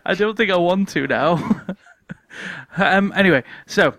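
A man's voice: high-pitched, a little slow, a bit bright, no echo. A man co-hosting a casual podcast, who tells anecdotes and laughs often as he goes. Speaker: podcast co-host.

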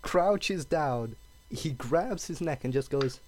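Animated man in casual gaming chat. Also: a little high, slow. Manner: animated, laughs often, acts out voices. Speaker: podcast co-host.

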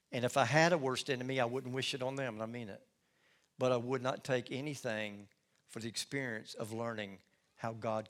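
A middle-aged man preaches from the pulpit, sharing his own testimony. He speaks in a folksy storytelling manner and pokes fun at himself. His voice sits at an ordinary pitch for a man. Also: a bit bright. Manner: folksy storytelling with self-deprecating humor. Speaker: lead pastor. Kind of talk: sermon with personal testimony.

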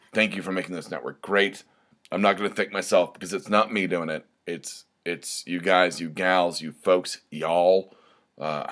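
A man's voice: low voice, fairly bright tone. A man hosting a podcast, talking in a loose, joking monologue with lots of fillers and restarts. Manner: rambling, joking, full of fillers. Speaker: podcast host. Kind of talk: casual monologue.

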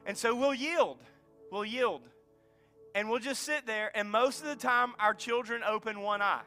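Bright-voiced man preaching a sermon. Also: high-pitched, unhurried, soft background music. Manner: storytelling, drops to soft near-whisper for emphasis. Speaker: pastor. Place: church sanctuary.

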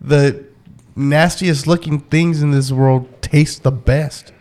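A man's voice: a little high, steady tone, slow pace, a little mellow. A man hosting a podcast, telling stories full of swearing and laughing as he goes. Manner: profane storytelling, laughs a lot, acts out voices. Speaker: podcast host. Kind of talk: casual podcast chat.

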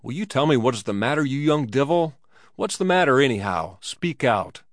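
A man's voice: lowish voice, big pitch swings, slow, dry recording, clean studio sound, heavily acted. A man voicing a stern, hot-tempered hotel proprietor who scolds and demands answers, in a story reading.

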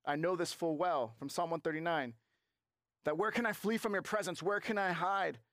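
A male pastor preaching a sermon, slowing down to stress key phrases and acting out quotes. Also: a little high, a bit bright, no room sound, studio quality.

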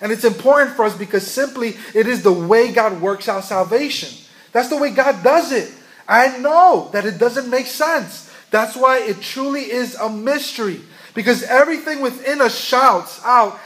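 A man's voice: very high-pitched, moderate pace, fairly bright tone. A man preaching a sermon to a congregation, earnest and asking them questions as he goes. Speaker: pastor.

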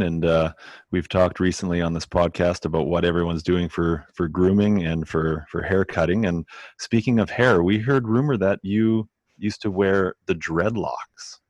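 A man's voice: low voice, dry recording. A man co-hosting a podcast, asking easygoing, teasing questions. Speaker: podcast co-host. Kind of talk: casual podcast interview.

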